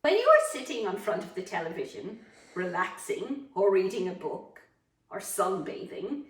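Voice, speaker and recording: Woman, drama teacher, guided breathing, slow counting, distant mic. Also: mid-range voice. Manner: slow, encouraging counting instructions. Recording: echoey room, voice from off-mic.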